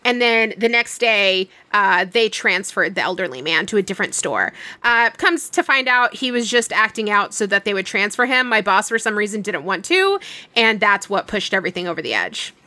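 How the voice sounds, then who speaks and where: A woman's voice: mid-range voice, moderate pace, no echo. A young woman casually telling a long work story, acting out the dialogue as she goes. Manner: animated retelling with quoted dialogue.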